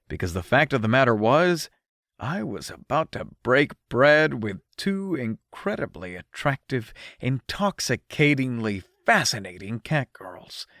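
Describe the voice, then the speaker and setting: A man narrating an audiobook in an expressive first-person storytelling manner, recorded on a close studio mic. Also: mid-range voice, no echo.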